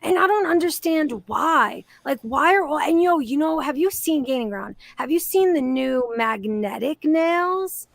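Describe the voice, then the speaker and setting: A woman hosting a livestream in loose, excitable chat, swearing freely and tossing in "yo" and "dude". Her voice sits high with a gravelly fry, and she talks at an unhurried pace. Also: no room sound. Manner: excitable, profane, says "yo" and "dude" a lot. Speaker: streamer hosting a reaction stream.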